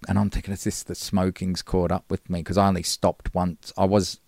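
A man's voice: low-pitched, completely flat delivery, a little fast, gravelly, hardly any pauses, darkish tone, no room sound. A middle-aged man, a former band singer, telling rambling stories in a casual interview and acting out old conversations. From Australia. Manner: rambling, acts out past dialogue.

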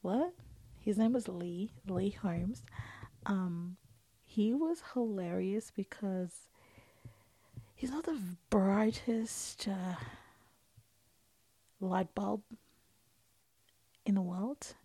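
A woman in a casual chat, often talking softly, near a whisper. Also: mid-range voice, expressive, extremely slow, long pauses, no echo, low-quality recording. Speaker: podcast co-host.

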